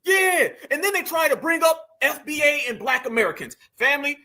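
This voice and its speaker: A male host reacts to clips with mocking indignation and often speaks straight to his viewers. His voice is very high and bright, and it rises and pushes hard when he gets worked up. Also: fairly quick. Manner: mocking, indignant, animated, addresses viewers as family. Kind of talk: casual commentary on video clips.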